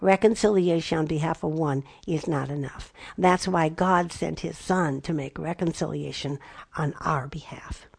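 A middle-aged woman teaching about marriage, slow and emphatic, with playful asides. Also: low-pitched, gravelly, breathy edge, no echo. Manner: slow emphatic delivery, spelling words out. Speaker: Bible teacher. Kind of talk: teaching talk.

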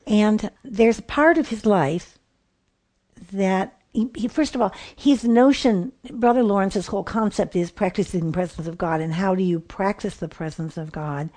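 A woman's voice: medium pitch, moderate pace, a little mellow. A middle-aged woman hosting a Christian radio show from a studio, giving an earnest, reflective devotional talk with many restarts.

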